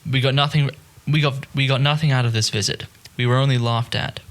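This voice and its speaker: A man's voice: medium pitch, steady tone, brisk, fairly bright tone, close to an everyday voice. A man voicing a blunt, angry uncle who is a tradesman, speaking in a growling, resentful way. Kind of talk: audiobook character reading.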